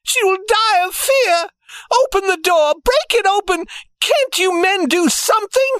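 A man's voice: animated, measured pace, pushed and bright, no room sound, exaggerated voice. A man voicing a terrified mother who cries out shrilly, as part of a story reading. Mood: panicked. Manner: shrill and crying out. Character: terrified mother screaming for her child.

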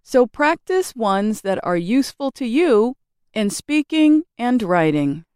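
A woman reading a scripted English grammar lesson with slow, careful, clearly enunciated delivery. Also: on the high side, sing-song, a little mellow, no echo, clean studio sound. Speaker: English teacher.

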